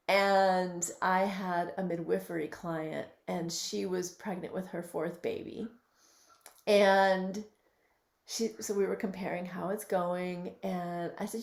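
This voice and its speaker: A woman in her fifties, a physician and midwife, giving reflective, gently emphatic advice as an interview guest over a video call. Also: lowish voice, creaky. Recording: roomy echo.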